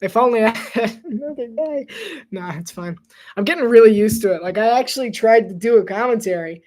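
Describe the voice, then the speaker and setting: A solo sports commentator gives casual live play-by-play, chatty, self-deprecating and laughing often. His voice is high-pitched, expressive and fairly quick.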